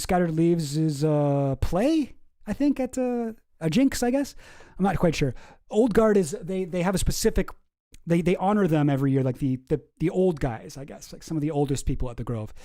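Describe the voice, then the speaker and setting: A wry, rambling man riffs casually on cartoon captions, his voice a bit higher than most men's and mellow in tone. He is recorded close and dry, with no room sound, as if at a home desk. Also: normal speed, dry recording. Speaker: host. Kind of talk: casual commentary reading cartoons aloud.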